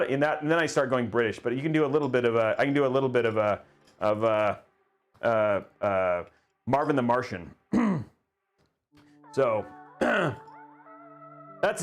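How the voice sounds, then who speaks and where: A man's voice: on the high side, expressive, a little slow, faint music behind. A young man hosting a live stream, chatting casually with frequent laughs and reading chat aloud in a rambling way. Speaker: livestream host building a PC.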